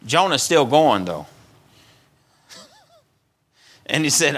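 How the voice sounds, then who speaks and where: A man's voice: on the high side, big pitch swings, a little slow, pauses often, a bit bright. A middle-aged male pastor preaching an earnest sermon, often acting out the voices of stubborn, angry people and repeating his words as he goes.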